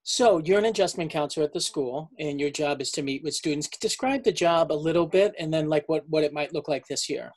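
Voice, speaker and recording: A man, a teacher, interviewing a colleague in a relaxed, casual way with lots of fillers. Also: fairly high pitch, brisk, few pauses.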